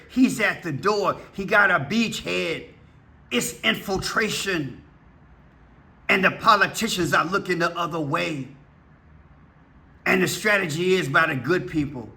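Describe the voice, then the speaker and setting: Impassioned preacher guy on his video, urgent, really sharp edgy voice. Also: high-pitched, measured pace, vocal fry, pauses often. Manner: impassioned, urgent, repetitive rhetorical questions. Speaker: preacher vlogger. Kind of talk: fervent preaching monologue.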